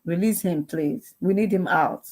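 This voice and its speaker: Fervent Nigerian woman, low-pitched plea. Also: measured pace, a little mellow. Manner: pleading, fervent, rhetorical questions. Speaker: activist. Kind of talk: impassioned appeal and prayer.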